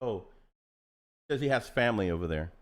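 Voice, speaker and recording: A man's voice: lowish voice, a little fast. A man from the American South co-hosting a livestream in a goofy, joking way. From Southern United States. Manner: goofy, animated. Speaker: co-host. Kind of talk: livestream chat.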